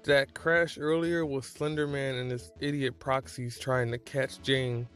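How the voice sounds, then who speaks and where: A man's voice: medium pitch, level tone, unhurried, faint music behind, natural voice. A man voicing a protective, nervous teenage boyfriend in a storybook reading. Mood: serious. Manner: nervous, gentle.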